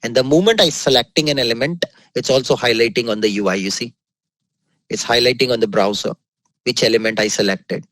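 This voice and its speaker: A man with an Indian English accent teaching a coding lesson over his screen, upbeat, sprinkling in words of praise and repeating the key points slowly. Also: medium pitch, a bit bright, no room sound, low-quality recording. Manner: upbeat, drops frequent exclamations of praise. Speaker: software trainer. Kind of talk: screen-recorded coding tutorial.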